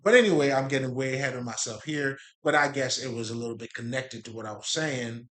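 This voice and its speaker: A man talks through spiritual ideas in a loose, rambling monologue at a middle pitch. He drifts off track, drops street slang and curses freely, then laughs and picks the thread back up. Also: fast, a bit bright. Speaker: spiritual talk host.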